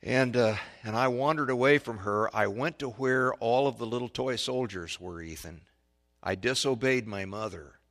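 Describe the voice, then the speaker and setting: A man preaching a sermon, telling a folksy childhood story that builds to loud, excited peaks. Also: medium pitch, moderate pace. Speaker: pastor.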